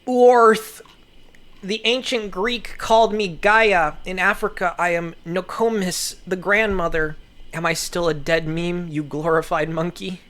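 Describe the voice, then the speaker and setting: A woman's voice: fairly low pitch, fairly even intonation, a little slow, fairly bright tone. A woman voicing a sweet anime planet-goddess girl who speaks in a grand, declaring way and then turns tender. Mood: grandiose.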